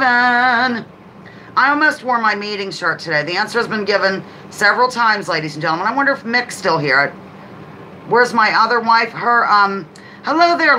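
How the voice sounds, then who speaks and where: A woman hosting a live trivia game on a stream, chatting casually, greeting viewers by name and reading each question out slowly. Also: a little high, pushed and bright, slight background noise, low-quality recording. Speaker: livestream host.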